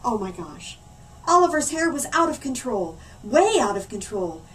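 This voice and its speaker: A woman as a library story lady, reading a silly picture book aloud to children in a playful, animated way. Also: fairly high pitch, moderate pace, far from the mic, slight background noise, rough recording. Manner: animated, playful, swooping between hushed and loud.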